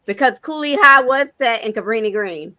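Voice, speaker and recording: A woman co-hosting a casual chat podcast over a video call, recounting things in an earnest, relaxed way. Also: fairly high pitch, moderate pace, no echo. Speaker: podcast co-host.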